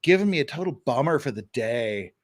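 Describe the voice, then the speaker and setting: A man's voice: mid-range voice, lively intonation, a little fast, dry recording, clean studio sound, natural voice. A man voicing a ditzy young Valley Girl from the 1980s, gushing and overdoing every filler word.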